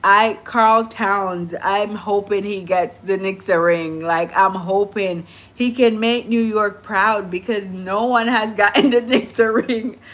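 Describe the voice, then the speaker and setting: Her medium-pitched voice moves slowly with fairly even intonation and few pauses. A livestream host with a light Jamaican accent, she rambles casually to viewers, often chuckling and asking them questions.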